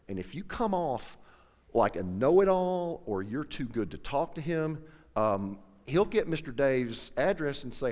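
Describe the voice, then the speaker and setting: A man telling a folksy, animated story to a live audience, acting out both sides of the conversation. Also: mid-range voice. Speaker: professional angler speaking to an audience. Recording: echoey hall with long reverb.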